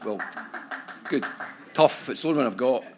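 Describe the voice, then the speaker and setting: A Scottish man speaking at a conference, chatty and playful, forever checking in with the room with a "right?" or "yeah?". His voice sits at an ordinary middle pitch for a man, and he keeps his talk relaxed and easygoing. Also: normal speed, noisy background. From Scotland. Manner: chatty and joking, full of tag questions. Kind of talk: conference talk to a live audience. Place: conference hall.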